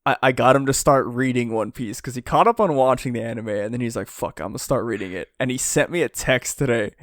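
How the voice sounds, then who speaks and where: A young man on a podcast, excitable and laughing often, with a mid-pitched voice and a dry, close sound. He swears casually as he talks. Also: fast talker, dry recording. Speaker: podcast co-host. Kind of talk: casual chat.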